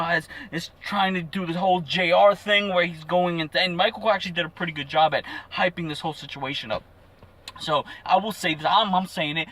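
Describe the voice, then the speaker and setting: A young man giving a casual, jokey play-by-play recap of a wrestling show, excitable and full of fillers. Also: on the high side.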